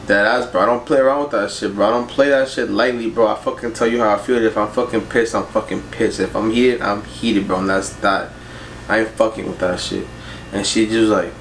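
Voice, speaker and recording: Speaking a little fast, this young man's lowish, slightly bright voice stays fairly even as he vlogs a casual story about work. Profane and slangy, he keeps dropping "bro" and "like," and the room echoes with faint noise.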